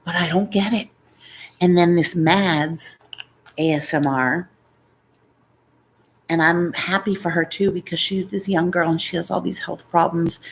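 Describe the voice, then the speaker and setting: Low-voiced chatty New woman. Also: a little hiss or hum, rough recording. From New York. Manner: rambling, chatty, jumps between topics. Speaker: YouTuber hosting a live chat. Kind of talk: casual live-stream chat.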